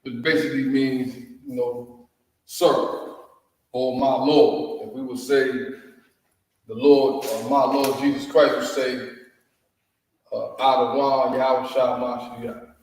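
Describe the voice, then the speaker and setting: A man teaching a class in a slow, informal way, asking his students for questions, recorded from far off in a large echoey room. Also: mid-range voice, flat delivery, a little mellow.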